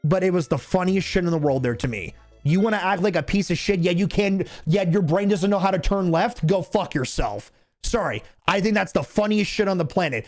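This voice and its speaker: A man's voice: high voice, lively intonation, brisk, soft background music. A young man streaming a game, telling a rambling, profane story in a casual chat.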